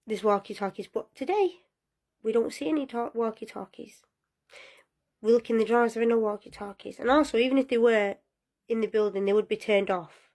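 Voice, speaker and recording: A young woman telling a personal story in a casual, lively way, often breaking into laughter. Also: mid-range voice.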